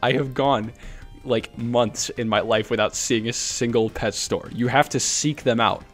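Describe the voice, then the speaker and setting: A man giving playful, joking gameplay commentary, excitable and often jumping up into a high voice when baffled. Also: measured pace, faint music behind. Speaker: gaming YouTuber.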